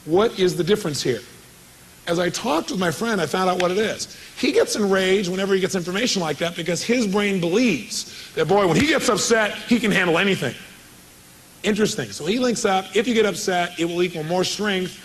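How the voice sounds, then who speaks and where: A man's voice: high-pitched, slight background noise, rough recording. A man giving a motivational seminar talk, telling a story with quoted dialogue and questions to the audience. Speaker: motivational speaker.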